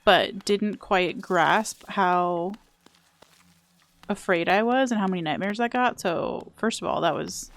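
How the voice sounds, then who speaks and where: A woman's voice: mid-range voice, takes it slowly. Chatty woman streamer, wry and casual. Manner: chatty, wry, swears casually, laughs at herself. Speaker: game streamer. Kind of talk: casual chat while streaming a game. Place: home room.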